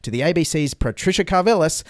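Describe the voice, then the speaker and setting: A man's voice: on the high side, animated, fast talker, no room sound. A man with an Australian accent hosting a podcast, reading comedic scripted narration with dry sarcasm. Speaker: podcast host.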